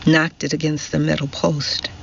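A man reading an audiobook novel in a measured, deliberate narration. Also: on the high side, monotone, gravelly, fairly bright tone, dull audio, a little hiss or hum. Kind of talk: scripted narration.

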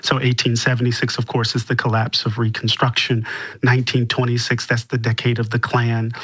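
A man with a slightly husky voice talks through his ideas as a radio guest, measured and thoughtful. The recording is dry and close. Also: mid-range voice, completely flat delivery, fairly bright tone, dry recording. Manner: measured, thoughtful, with small restarts. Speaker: author and interview guest. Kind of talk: reflective radio interview answers.

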